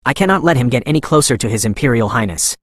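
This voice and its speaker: A man narrating an uneasy young male disciple from a recap story. He asks worried questions in a mid-pitched voice. The sound is dry and close. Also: lively intonation, quick pace, no room sound, close to an everyday voice. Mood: anxious. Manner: anxious.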